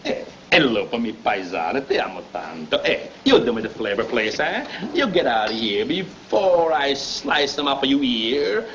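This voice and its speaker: An actor playing a fiery Italian grocer. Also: male voice, medium pitch, very animated, normal speed, natural voice. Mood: argumentative. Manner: broken English mixed with Italian phrases. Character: hot-tempered, big-hearted Italian immigrant grocer, middle-aged man. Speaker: immigrant grocer and guardian. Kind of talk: 1930s film acting. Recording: dull scratchy 1930s film soundtrack.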